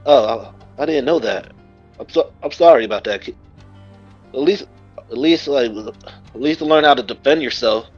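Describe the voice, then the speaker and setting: A man's voice: medium pitch, normal speed, long pauses, darkish tone, soft background music, close to an everyday voice. A man voicing a brash, cocky teen boy ninja hero in a casual, boastful storytelling voice, on a muffled recording. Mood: sympathetic.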